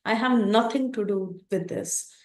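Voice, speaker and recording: A woman's voice: mid-range voice, unhurried, darkish tone, natural voice. A woman voicing an anguished young prince who pleads his innocence in a raised, urgent voice, recorded in a roomy space. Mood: pleading. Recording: roomy echo.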